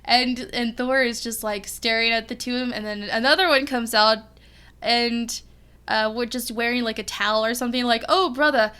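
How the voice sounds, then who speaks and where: A young woman reacting to a series as a fan, rambling excitedly with lots of giggles and restarts. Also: fairly high pitch, moderate pace, clean tone. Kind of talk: casual rambling reaction vlog.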